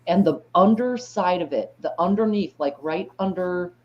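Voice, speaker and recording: Middle-aged woman, lowish voice, blunt crude humor, muffled mic with faint noise. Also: normal speed. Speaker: stream guest. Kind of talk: casual chat.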